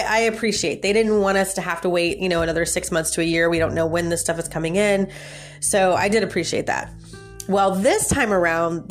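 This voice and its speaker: A woman hosting a podcast, telling a personal story in a casual, animated way and laughing often. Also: on the low side. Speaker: podcast host and life coach.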